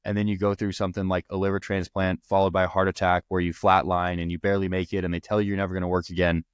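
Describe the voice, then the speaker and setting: A man's voice: deep voice, level tone, fast, clear, resonant tone, no room sound, clean studio sound. A young man hosting a podcast, earnestly telling personal stories in a rambling way with restarts. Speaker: podcast host. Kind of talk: personal storytelling.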